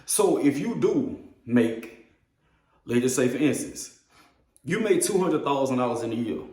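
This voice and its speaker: A man who drives trucks, telling a story in a blunt, profane, animated way. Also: medium pitch, unhurried, reverberant. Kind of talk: casual storytelling rant.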